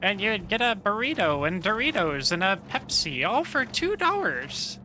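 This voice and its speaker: Give me a woman playing a cranky old-timer reminiscing about cheap prices, with clear background noise. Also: very animated, moderate pace, sharp tone. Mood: mock-nostalgic. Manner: mock-nostalgic rant, rising pitch.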